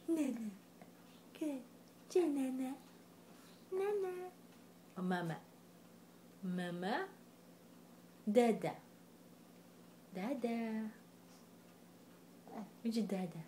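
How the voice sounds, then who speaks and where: Soft-toned woman in sing-song baby talk. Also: a little high, expressive, very slow, pauses often, slight background noise. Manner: sing-song, coaxing, repeating words for the baby. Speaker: parent talking to a baby. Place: home, indoors.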